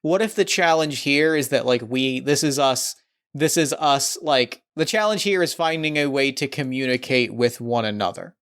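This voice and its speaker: Man with a smooth, clear voice. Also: mid-range voice, moderate pace, a bit bright. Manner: thinks aloud, proposing scenes tentatively. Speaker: tabletop role-play player. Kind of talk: casual improvised storytelling.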